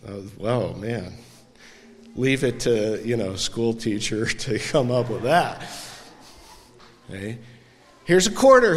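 A man's voice: mid-range voice, big-room sound. A man preaching a sermon in a conversational way, often putting questions to the congregation. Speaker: pastor.

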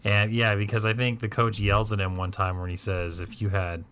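Man, lowish voice, casual podcast chat, rambling, jokey, trails off. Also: fairly even intonation, a little fast, fairly bright tone, clear, resonant tone. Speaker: podcast co-host.

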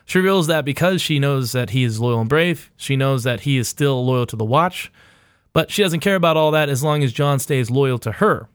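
A man's voice: medium pitch, smooth, no echo, studio quality. A man hosting a podcast in casual chat, loose and profane, with lots of filler uhs. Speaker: podcast host.

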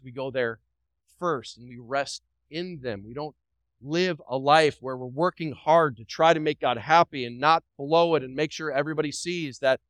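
A man's voice: on the high side, a bit bright, dry recording, poor audio. A pastor delivering a sermon to his congregation. He preaches emphatically, repeats phrases, asks the room questions and drops light joking asides.

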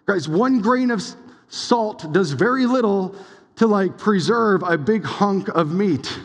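A young adult man preaching a sermon as pastor, casual and animated, full of "like"s and quick asides. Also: high voice. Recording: long hall reverb.

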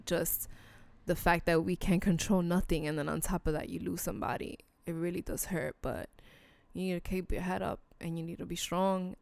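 A woman with a low, gravelly voice talks straight to her listeners in a solo podcast episode. She is blunt and earnest, casual with some swearing, and deeply sincere. The sound is smooth and dry. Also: no echo. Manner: emotional, sincere appeals to listeners. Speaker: podcast host. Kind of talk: heartfelt solo podcast talk.

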